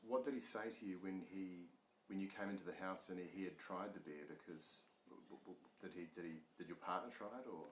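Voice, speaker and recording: A man's voice: low voice, brisk. A male reporter asking questions in an interview at a family home, hesitant and stumbling over his words. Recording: roomy, off-mic, faint background noise.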